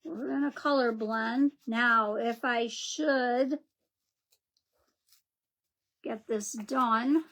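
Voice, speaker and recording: A woman's voice: a little high, very slow, pauses often, fairly bright tone. A woman hosting a live crafting demo, chatting and greeting viewers by name as she works. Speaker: craft livestream host.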